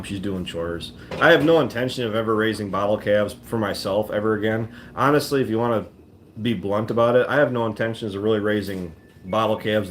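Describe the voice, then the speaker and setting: Male farmer vlogger, casual and plainspoken, lowish voice, noisy ambience. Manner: rambling, plainspoken, many restarts. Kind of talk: casual chat to viewers.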